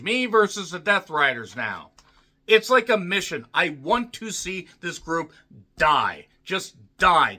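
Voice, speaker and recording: A man reviewing a wrestling show in a profane, angry rant that swings between yelling and muttering. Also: sits high.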